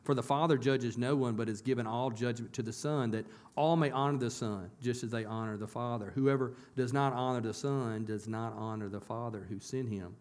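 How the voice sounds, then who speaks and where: A man's voice: medium pitch, steady tone, fairly quick, few pauses, darkish tone. A man preaching a sermon as a pastor in a church, in a conversational way that often asks the congregation questions and repeats words as he restarts.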